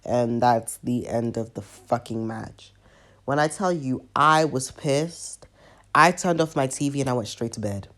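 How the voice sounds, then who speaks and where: Deep-voiced woman ranting, profane. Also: measured pace. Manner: profane, exasperated, animated ranting. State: sick with covid. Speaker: wrestling reviewer. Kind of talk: ranting review vlog.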